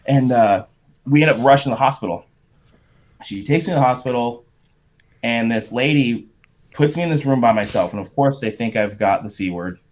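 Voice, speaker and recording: A middle-aged man, a podcast guest, telling a profane, animated story in casual talk. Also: medium pitch, normal speed. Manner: profane, animated anecdote with shouted quotes.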